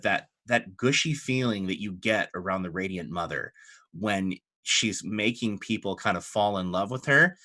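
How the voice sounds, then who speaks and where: A man narrating as game master of a tabletop game, chatty and relaxed, with frequent fillers. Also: on the low side.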